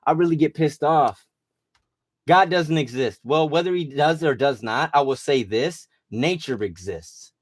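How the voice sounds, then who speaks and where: A man with a somewhat high voice rants in a loose, rambling way, swearing freely and restarting his sentences as he gets worked up. The recording is close and dry, with no room sound around him. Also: lively intonation, a little slow, slightly rough, no echo. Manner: rambling, profane, agitated, with restarts. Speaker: vlogger. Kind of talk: rambling conspiracy rant.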